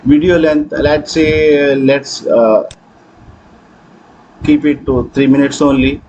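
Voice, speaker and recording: A man hosting a software tutorial, talking through his screen with frequent hesitations. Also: fairly high pitch, fairly even intonation, slow, muffled recording, slight background noise. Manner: hesitant, many fillers. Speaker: tutorial host. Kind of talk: screen-recording software walkthrough.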